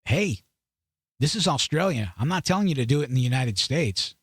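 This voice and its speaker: A man's voice: medium pitch, animated, fairly quick, husky, no room sound, studio quality. Blunt, sarcastic male podcast host. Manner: blunt and sarcastic, talks to viewers directly; loose, restarts often. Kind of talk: opinionated news commentary.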